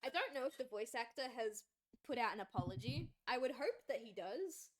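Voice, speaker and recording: A woman chats casually with her viewers while playing a game, laughing often and talking back to chat. Her voice sits fairly high. Clear background noise runs underneath. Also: animated, fairly quick. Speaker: game streamer.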